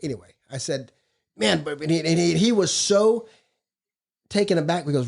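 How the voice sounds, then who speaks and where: A man's voice: on the high side, brisk, gravelly. A middle-aged man co-hosting a recovery podcast, telling stories in a blunt, profane, casual way. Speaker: podcast co-host. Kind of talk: casual recovery group chat.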